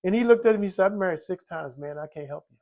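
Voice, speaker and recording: A man's voice: high voice, lively intonation, rapid-fire, gravelly, darkish tone. An older man telling his recovery story in a rambling, candid way, full of "you know" fillers. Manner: rambling, many "you know" fillers, acts out quoted voices. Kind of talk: personal recovery testimony.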